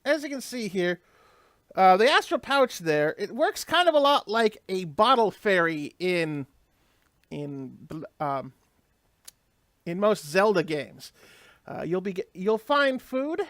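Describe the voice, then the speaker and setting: A man's voice: high-pitched, big pitch swings, slow, fairly bright tone, no room sound, studio quality. A man hosting a let's play, giving casual, rambling gameplay commentary and explaining the lore as he goes. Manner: rambling, explanatory, many fillers and restarts.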